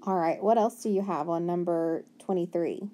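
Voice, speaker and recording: A woman's voice: lowish voice, moderate pace, dark tone. A woman teaching a phonics lesson, stretching out word sounds and asking and answering her own questions.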